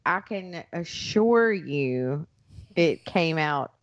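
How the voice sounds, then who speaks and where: A woman's voice: sits low, animated, drawn-out words. A woman with a thick Southern American accent co-hosting a casual chat, adding joking side stories. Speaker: podcast co-host. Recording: dull lo-fi audio.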